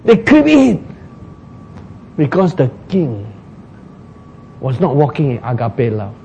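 A man preaching a sermon, slow and emphatic, acting out laments dramatically. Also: medium pitch, wildly swooping pitch, vocal fry, dark tone, dull audio, a little hiss or hum. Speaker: pastor.

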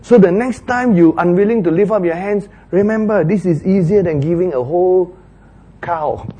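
A man's voice: high voice, moderate pace, mellow, a little hiss or hum. A man preaching a sermon, laughing often and acting out biblical dialogue with sudden jumps in his voice.

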